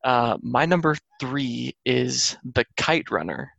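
A man's voice: mid-range voice, expressive, takes it slowly, vocal fry, fairly bright tone, no room sound, muffled recording. A man co-hosting a podcast, talking casually and rambling a little about books, with plenty of fillers. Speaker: podcast co-host. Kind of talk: casual chat.

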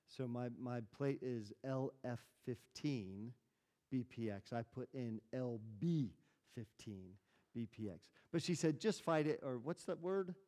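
A man's voice: mid-range voice, animated, moderate pace, darkish tone. A man preaching a conversational sermon, telling stories and asking the congregation questions. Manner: chatty, storytelling, asks the room questions. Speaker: pastor. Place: church hall. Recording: reverberant church hall.

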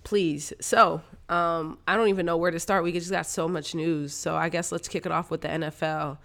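A man's voice: fairly high pitch, steady tone, moderate pace, vocal fry, bright, forceful tone. A congested man hosting a sports podcast in loose, casual chat with lots of fillers. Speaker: podcast host.

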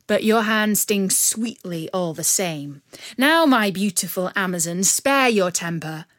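A woman's voice: medium pitch, expressive, measured pace, a bit bright, dry recording, clean studio sound. A woman voicing a gallant young male outlaw leader with a courteous, teasing manner in a storybook reading.

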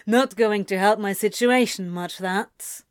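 A woman voicing a guarded young man who talks bluntly and sarcastically, a bit louder than her narration. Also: mid-range voice, unhurried, no room sound, clean studio sound, lightly acted. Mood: bitter.

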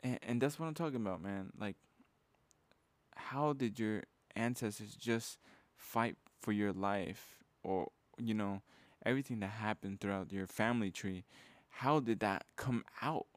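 Young male podcast host, low-pitched, casual and intense pep-talk delivery, dry close mic. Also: unhurried, no echo. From Mexican heritage. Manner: casual, fired-up, uses "bro" and "man". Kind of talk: motivational podcast monologue.

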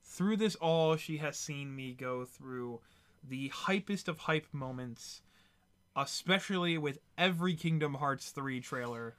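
A man hosting a casual podcast, rambling with excited asides and lots of fillers. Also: on the high side, a little slow, smooth. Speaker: podcast host.

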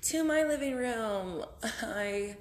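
A woman's voice: on the high side, expressive, slow, slight background noise. A young woman, hosting a casual podcast while hungover, in a rambling, profane, blunt way from her house. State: hungover, low energy. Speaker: podcast host.

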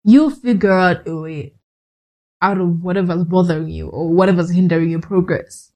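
Mellow lady doing a motivational podcast talk, direct and chatty, tells you off a bit. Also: fairly low pitch, normal speed, rough recording. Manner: direct, scolding asides, conversational. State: cold, shivering. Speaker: podcast host. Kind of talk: motivational monologue.

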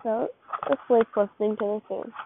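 Casual fan fic reading by a woman, kinda rambly w restarts, raspy fry in her voice, sounds like a phone mic. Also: mid-range voice, steady tone, normal speed, background noise. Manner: loose, rambling delivery with slips and restarts. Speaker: fan fiction narrator. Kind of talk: casual second-person story reading. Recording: tinny, phone-like dry recording.

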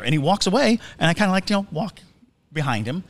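A man's voice: sits high, big pitch swings, fast. A man co-hosting a podcast, telling a story in a casual, chatty way, restarting his sentences and chuckling as he goes. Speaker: podcast co-host.

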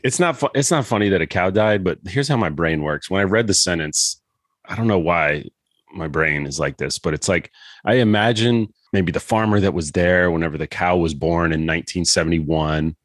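A man's voice: low-pitched, moderate pace, no echo. A man hosting a casual tech podcast, joking and laughing often. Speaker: podcast host.

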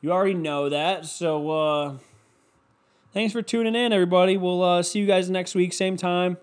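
A man's voice: high voice, steady tone, moderate pace, smooth. A young man hosting a casual solo podcast, rambling on and swearing constantly, with lots of "like" fillers. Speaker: podcast host.

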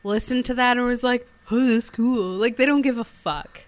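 A woman's voice: a little high, steady tone, fairly quick. Woman, podcast co-host, casual film chat, swears a lot, jokey. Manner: profane, jokey, acts out quotes in silly voices.

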